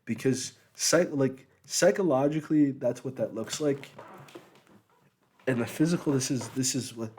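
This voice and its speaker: A man's voice: medium pitch, unhurried, darkish tone, a little hiss or hum. A young man gives a blunt, profane, rambling opinion monologue. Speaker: vlogger.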